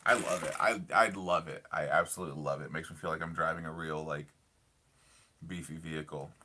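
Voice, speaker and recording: This is a young man with a low, bright voice chatting to his live stream viewers from a parked car late at night. He is enthusiastic and rambling, circling back with "I love it" and "I don't know" as he answers comments. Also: fairly even intonation, brisk, slight background noise. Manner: enthusiastic, rambling, lots of fillers and repeats. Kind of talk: casual live stream chat reading comments.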